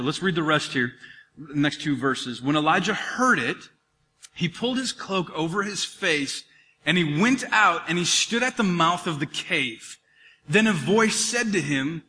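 A man preaching a sermon as pastor, animated and jokey, acting out the voices in the story. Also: sits high, normal speed, big-room sound, slight background noise.

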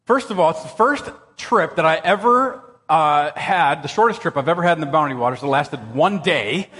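A man preaching a sermon, telling a personal story in an animated, excitable way that jumps up into high exclamations. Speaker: pastor. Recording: long reverb of a church hall.

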